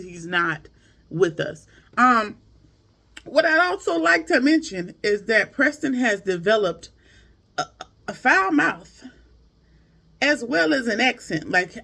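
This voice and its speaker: A high-pitched man with a gravelly edge talks through a TV episode like he's catching up with friends. His delivery is chatty and animated, full of slang and asides to his viewers. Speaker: TV show reviewer. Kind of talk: casual recap commentary.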